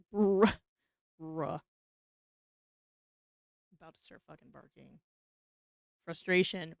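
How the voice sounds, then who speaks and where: A young woman streamer chatting through a card opening, with a clear, smooth voice and lively pitch that jumps around. She mutters nervous asides to herself and then bursts into excited squeals. The sound is dry and close to the mic. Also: slow pace, long pauses, no room sound.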